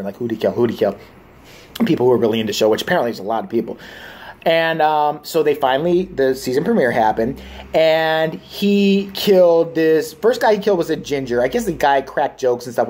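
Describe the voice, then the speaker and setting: A man's voice: on the high side, darkish tone. A man in his thirties ranting crudely and sarcastically as a vlogger, swearing constantly. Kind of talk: profane comedic rant.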